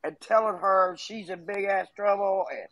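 A woman's voice: medium pitch, moderate pace, fairly bright tone, low-quality recording. A woman hosting a casual livestream chat, talking in a heated, emphatic way.

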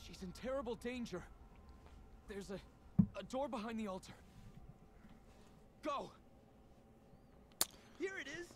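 A man's voice: very high voice, lively intonation, unhurried, long pauses, heavy background noise. An actor voicing a young male knight in a video game, freed from a spell and speaking with earnest urgency.

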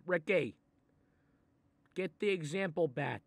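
A man voicing a short-tempered Italian-American mob boss who grumbles, swears and threatens, in a comedic animated role. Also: on the high side, slow pace, dry recording, exaggerated voice. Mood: gruff menacing. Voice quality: gravelly, threatening. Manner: grumbling asides, sudden angry outbursts, swearing. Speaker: mob boss reading a children's book.

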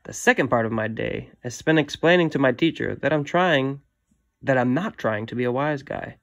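A man, a teacher, reading a comic book aloud to children in a friendly, lively way. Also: medium pitch, normal speed, gravelly, no room sound, studio quality.

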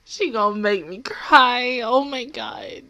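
A woman's voice: a little high, slow pace, bright, forceful tone. A woman hosting an anime reaction video, gushing and squealing over her favorite character, tearful and emotional as she talks. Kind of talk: live reaction commentary.

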